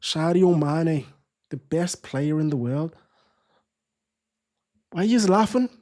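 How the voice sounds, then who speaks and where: A man's voice: a little high, animated, takes it slowly, a little mellow. A man doing an adamant Scouse bloke. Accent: Liverpool Scouse, put on. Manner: emphatic, absolute declarations. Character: adamant Scouse man, dead certain of his football opinions.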